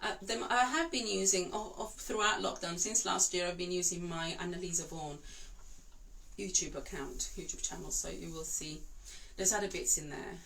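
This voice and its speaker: A woman's voice: fairly low pitch, normal speed, vocal fry, fairly bright tone, slight background noise, low-quality recording. A woman from Italy, an opera singer and vocal coach, chatting casually to her online class in a rambling way with many fillers and restarts.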